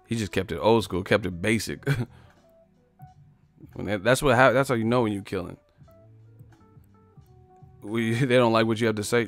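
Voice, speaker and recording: A man hosting a boxing live stream from home, talking loose and profane, laughing through his rants. His voice has a gravelly rasp at the bottom, and the sound is dry and close. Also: fairly low pitch, moderate pace, long pauses, no room sound, faint music behind. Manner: laughing, profane, mocking banter. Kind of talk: casual live stream chat.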